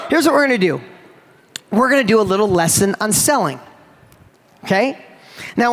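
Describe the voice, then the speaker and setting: Man, lighter high-pitched voice, punchy live stage speaker working the crowd. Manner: energetic, emphatic, addresses crowd directly. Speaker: motivational speaker. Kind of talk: live stage talk to an audience. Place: large event hall before a live audience.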